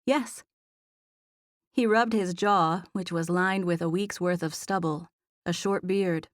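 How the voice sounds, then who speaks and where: A woman narrating a first-person romance audiobook in an even storytelling voice, recorded in a studio. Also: fairly low pitch, measured pace, dry recording.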